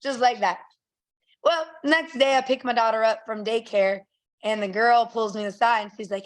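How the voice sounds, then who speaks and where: Lively, blunt woman telling stories. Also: on the high side, moderate pace. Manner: lively, blunt and profane, laughs often; acts out quotes in a raised voice. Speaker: guest, bare-knuckle fighter. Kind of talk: casual podcast chat, animated storytelling.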